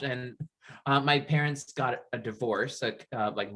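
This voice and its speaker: A man in his thirties from Canada's Niagara region tells his coming-out story as an interview guest, speaking unhurriedly in a mid-range voice. He's an animated storyteller who acts out what other people said and laughs often.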